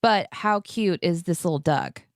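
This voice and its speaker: A woman's voice: lowish voice, unhurried, no echo, studio quality. A woman in her thirties co-hosting a live morning show, telling a story in casual, upbeat chat. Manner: chatty storytelling, upbeat, animated.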